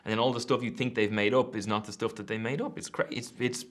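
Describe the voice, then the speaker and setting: A man in his thirties with an Irish accent, chatting casually as an actor being interviewed, self-deprecating and quick to laugh. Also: medium pitch, fairly even intonation. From Ireland.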